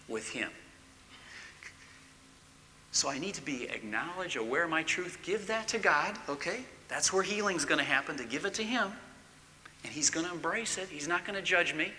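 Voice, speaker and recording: Animated middle-aged man preaching in a hall. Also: medium pitch, slight background noise. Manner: animated, swings from loud emphatic to hushed near-whisper. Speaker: marriage course speaker. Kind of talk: church teaching talk. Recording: long reverb in a large hall.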